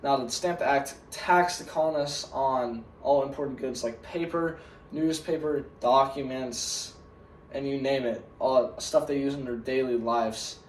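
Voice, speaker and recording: A man's voice: medium pitch, unhurried, a little hiss or hum. A man giving a school history presentation as a pretend museum guide, earnest and starting sentence after sentence with "now". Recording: roomy sound from a distant mic.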